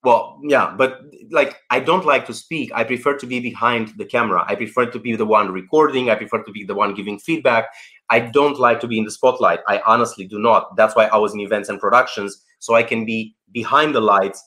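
A man being interviewed over a video call, talking about presenting online in an animated, emphatic way. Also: on the low side, fairly quick. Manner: animated, emphatic, acts out anecdotes. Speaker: guest, presentation coach.

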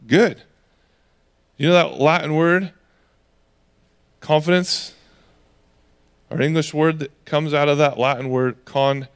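A man's voice: fairly high pitch, fairly even intonation, slow pace, pauses often, smooth. A man preaching a sermon in a conversational way, acting out the voices of people in the stories he tells. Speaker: pastor.

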